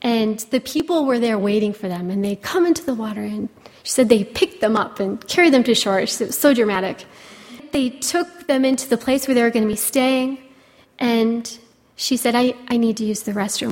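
Earnest woman preaching in a reverberant hall. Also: fairly high pitch. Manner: earnest, gentle, many "you know" fillers. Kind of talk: sermon.

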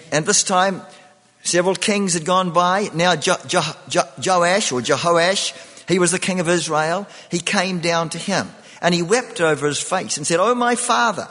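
A man's voice: a little high, a bit bright, big-room sound. A man preaching a sermon, often repeating himself and restarting phrases.

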